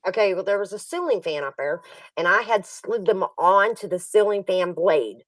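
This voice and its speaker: Animated woman telling a story, distant mic. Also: mid-range voice, moderate pace, dry recording. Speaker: livestream host. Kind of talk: casual storytelling chat.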